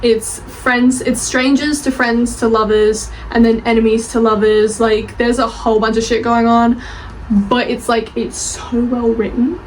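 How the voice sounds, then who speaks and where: A woman's voice: on the high side, level tone, a little slow, slight background noise, low-quality recording. A young woman chatting in a rambling, gushing way about her favorite books, swearing casually and laughing as she goes. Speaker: book reviewer and author. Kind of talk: casual bookish vlog chat.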